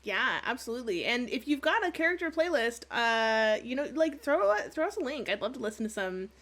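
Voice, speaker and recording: A woman's voice: fairly high pitch, big pitch swings, brisk, a bit bright. A young woman co-hosting a podcast in casual chat, playful and giggly, swearing now and then. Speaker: podcast co-host. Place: studio recording in person.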